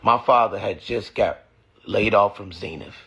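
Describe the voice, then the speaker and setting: A man's voice: fairly low pitch, a little slow, gravelly, a bit bright, breathy edge. A man talking casually and emotionally about his family and faith, blunt and full of cussing. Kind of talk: casual reflective talk.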